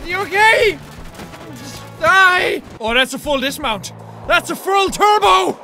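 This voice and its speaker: A young man yelling and joking through loud, manic let's-play commentary. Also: very high voice, lively intonation, slow pace, gravelly, noisy background. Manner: loud, manic, shouting and yelping. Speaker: gaming YouTuber.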